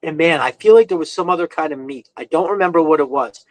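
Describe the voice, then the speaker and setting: A man's voice: a little high, fast talker, no echo, poor audio. A man from New York with a New York accent, hosting a podcast and telling long, rambling stories in casual chat, swearing freely. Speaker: podcast host.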